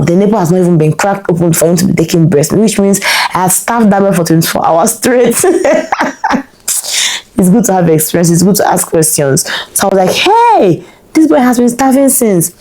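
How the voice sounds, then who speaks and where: Animated woman telling a story. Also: lowish voice, quick pace, rough recording. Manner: animated, exclamatory retelling with rhetorical questions. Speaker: vlogger. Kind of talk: personal storytelling to camera.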